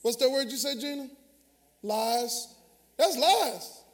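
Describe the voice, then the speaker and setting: A man's voice: very high voice, animated, slow. A man preaching a sermon as pastor, talking with the congregation in call-and-response. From Southern US. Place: large church sanctuary. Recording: long hall reverb.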